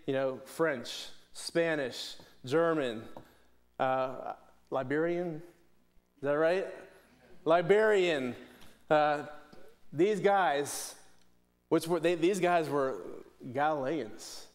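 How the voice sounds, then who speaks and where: A man's voice: fairly high pitch, takes it slowly. A man from preaching a sermon in church, earnest, often restarting and repeating words. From Pittsburgh, USA.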